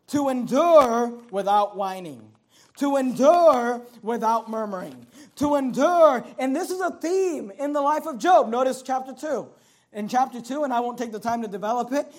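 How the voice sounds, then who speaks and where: A man delivers a sermon in a strikingly high-pitched voice. He preaches emphatically, climbing toward near shouts and then sinking low, often doubling back on words and phrases.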